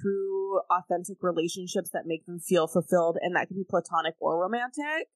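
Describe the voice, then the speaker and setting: A woman's voice: fairly low pitch, a little fast, no echo. A woman in casual podcast conversation, earnest and reflective, stringing her points together in long, building sentences.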